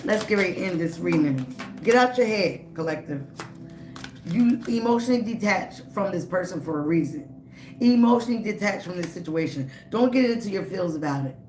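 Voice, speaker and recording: A woman's voice: on the low side, animated, moderate pace. A woman giving a live-streamed tarot reading. She talks emphatically and repeats herself, speaking straight to the viewer. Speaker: tarot reader. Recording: roomy, noisy background.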